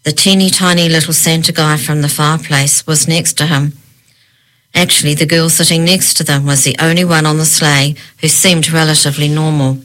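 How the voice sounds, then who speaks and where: A woman with a low voice narrates a children's storybook at an even pace. Her reading is plain and measured between the spoken lines. She raises her voice briefly whenever a character speaks. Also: rough recording. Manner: reads steadily and lifts her voice for each character's lines. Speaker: audiobook narrator.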